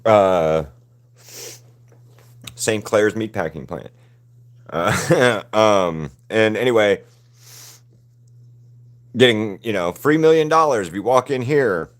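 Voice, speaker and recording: A man's voice: on the low side, lively intonation, slow, long pauses. A young adult man chatting casually and rambling, with the odd swear word, as he paints on a livestream. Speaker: artist livestreaming a painting session. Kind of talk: casual chat while painting.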